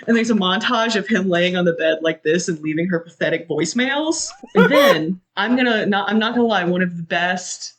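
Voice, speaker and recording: Rich: A podcast host recounts a film scene in relaxed, chatty talk. The delivery is animated and full of fillers, with casual swearing and a mid-range pitch. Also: moderate pace, hardly any pauses.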